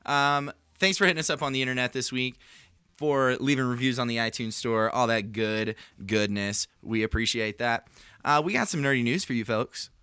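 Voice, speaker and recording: A man's voice: mid-range voice, moderate pace, pushed and bright, smooth, no echo. A man hosting a podcast, chatting casually and teasing his co-host in playful banter. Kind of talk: casual chat.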